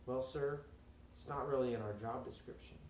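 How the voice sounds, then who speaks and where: A man's voice: mid-range voice, moderate pace, a little mellow, reverberant, distant mic, slight background noise, natural voice. Man doing a timid stammering scientist. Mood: nervous. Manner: hesitant, stammering. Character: timid male scientists at a company.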